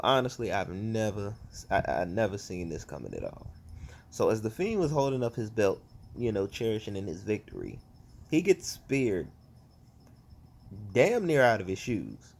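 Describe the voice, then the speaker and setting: A man giving a casual, ranting review as a vlogger, animated and profane, full of exasperated outbursts. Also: on the low side. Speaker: wrestling fan vlogger.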